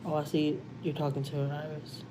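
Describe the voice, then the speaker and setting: A woman's voice: deep voice, completely flat delivery, a little fast, background noise. Chatty Texan woman on a livestream. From Houston, Texas. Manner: chatty, reads out viewer comments, says y'all often. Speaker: livestream host. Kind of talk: casual live-stream chat. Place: home.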